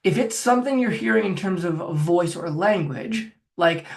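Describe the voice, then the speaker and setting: Gravelly-voiced man coaching a listener. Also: high-pitched, animated, normal speed. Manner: directive, coaching, talks viewer through steps. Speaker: phobia coach. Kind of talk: guided self-help exercise.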